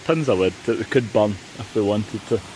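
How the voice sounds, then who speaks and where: A man's voice: fairly low pitch, moderate pace, background noise. Chatty Scottish man camping in the rain. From Scotland. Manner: chatty and jokey, playful outbursts. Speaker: vlogger. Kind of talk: casual camping vlog chat. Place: inside a hot tent in the rain.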